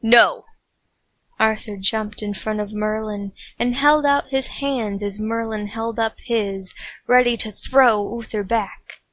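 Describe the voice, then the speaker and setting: A woman's voice: a little high, steady tone, measured pace, dry recording. A woman narrating a comic fan fiction story with playful, snarky asides.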